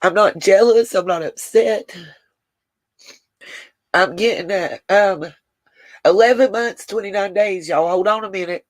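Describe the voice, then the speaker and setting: Woman livestream host, emotional, dry close sound, mid pitch. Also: measured pace, pauses often, no echo. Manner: talks to chat viewers by name, Southern "y'all". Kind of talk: casual livestream chat.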